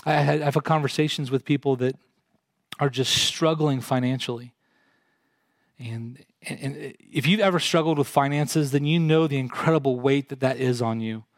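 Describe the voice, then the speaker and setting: A man's voice: mid-range voice, normal speed, no room sound. A man preaching a sermon, earnest, putting direct questions to his congregation. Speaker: pastor.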